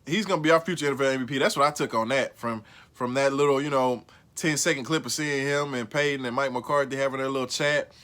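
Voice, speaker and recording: A man hosting a casual recap vlog, slangy and excitable, repeating lines for emphasis and swinging from low mumbles to loud outbursts. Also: fast. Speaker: show recap host.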